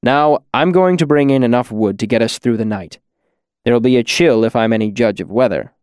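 A man voices a world-weary male innkeeper in a storybook, stern and clipped, with a mid-pitched voice that stays close and dry with no room sound. He speaks in a measured, commanding way. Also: darkish tone, clean tone, no echo, natural voice. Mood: brisk.

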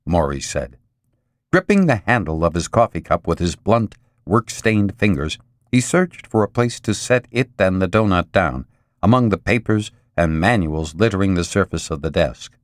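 A man narrating an audiobook in an expressive, dramatic storytelling manner. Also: deep voice, moderate pace, dry recording, studio quality. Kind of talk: scripted narration.

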